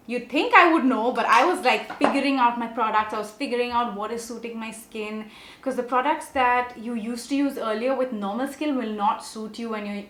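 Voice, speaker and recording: A woman's voice: fairly high pitch, a bit bright. Chatty young woman vlogger, echoey room. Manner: chatty, addresses viewers directly. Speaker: beauty vlogger. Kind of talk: casual makeup tutorial and storytelling.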